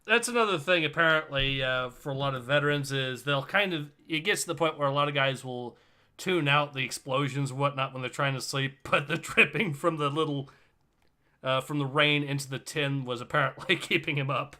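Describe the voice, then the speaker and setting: Bright-voiced man hosting a story stream. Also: medium pitch, brisk. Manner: chatty, laughs between lines. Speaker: livestream host reading stories. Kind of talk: casual reading aloud to friends.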